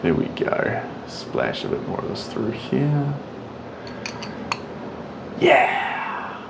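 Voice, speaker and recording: Chatty painter with a lively voice. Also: male voice, mid-range voice, unhurried, gravelly, very noisy. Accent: non-American English, rolled R. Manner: chatty, hums and sings to himself, reads out and answers chat comments. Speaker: artist streaming live painting. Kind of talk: casual live-stream chat while painting.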